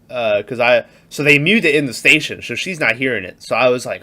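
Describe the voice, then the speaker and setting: Animated, bright-voiced podcast co-host. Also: male voice, mid-range voice, a little fast. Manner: animated, laughs often, acts out scenes. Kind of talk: casual movie chat.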